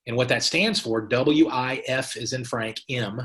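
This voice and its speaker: A middle-aged man coaches sales partners in a motivational training talk. He is emphatic and repeats his key phrases, often restarting his sentences as he pushes his point. His voice sits at an ordinary middle pitch. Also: moderate pace, few pauses, bright, forceful tone. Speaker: company president giving partner training.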